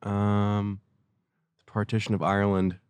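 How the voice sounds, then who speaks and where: Quiet low-voiced man on a podcast. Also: level tone, unhurried, clear, resonant tone, dry recording. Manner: quiet, brief remarks. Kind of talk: casual chat. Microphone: podcast mic.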